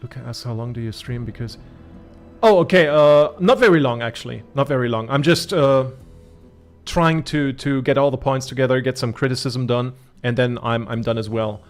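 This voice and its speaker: A man's voice: medium pitch, normal speed, faint music behind. A man from Germany with a German accent, chatting casually as a gaming streamer, rambling with many fillers and restarts. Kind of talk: casual live-stream commentary.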